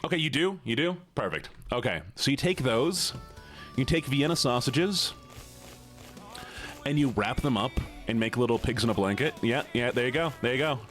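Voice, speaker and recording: A young man from the United States, a streamer reading chat aloud casually, animated and laughing often. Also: medium pitch, moderate pace, soft background music.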